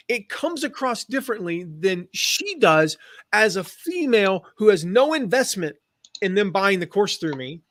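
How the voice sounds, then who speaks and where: A man's voice: high-pitched, fairly bright tone, no echo. Chatty American man, dry close sound. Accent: General American. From American Midwest and South. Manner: chatty, rambling, with fillers and restarts. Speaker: affiliate marketing host. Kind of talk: casual live-stream teaching.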